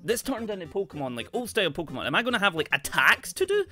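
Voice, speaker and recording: A man hosting a gameplay video, reading out on-screen text and reacting with quick bursts of surprise. His voice is bright and fairly high, with a very lively, swinging pitch. Soft game music plays underneath. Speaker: gaming channel host. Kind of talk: let's play commentary.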